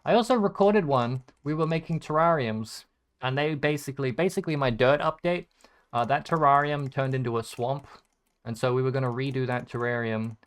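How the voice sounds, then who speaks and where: A man's voice: mid-range voice, fairly quick. A man giving casual gameplay commentary, rambling from tip to tip with lots of swearing and sarcastic jokes at his own expense. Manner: rambling, profane, sarcastically self-deprecating. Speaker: gaming content creator.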